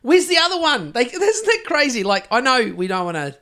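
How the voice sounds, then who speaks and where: A man's voice: very high-pitched, huge pitch swings, a little fast, sharp tone. A man with a New Zealand accent hosting a podcast, rambling through casual chat, swearing and joking as he goes. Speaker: podcast host.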